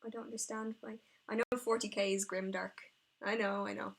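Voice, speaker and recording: A woman of medium pitch chatting casually while she paints at her desk on a live stream. She rambles from thought to thought with excitable bursts and talks to herself as she works. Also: brisk, gravelly.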